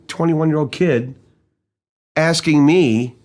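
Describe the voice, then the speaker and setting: A man's voice: mid-range voice, expressive, moderate pace. A man teaching sales in a casual, storytelling way, acting out quoted dialogue and asking his listeners rhetorical questions. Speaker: sales trainer. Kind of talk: conversational sales-training audiobook storytelling.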